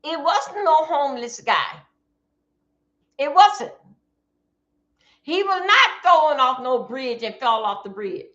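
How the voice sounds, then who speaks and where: Woman, fairly high pitch, blunt live-stream commentary, dull phone-mic audio. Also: expressive, slow, long pauses, pushed and bright. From Florida. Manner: blunt, talks straight to her chat.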